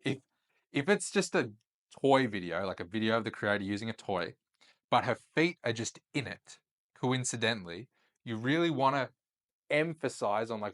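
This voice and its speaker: A man's voice: medium pitch, expressive, normal speed, a bit bright. A young man hosting a casual instructional video, talking loosely and often checking in with "right?" after each point. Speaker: host and chat-sales coach. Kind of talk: casual instructional talk to camera.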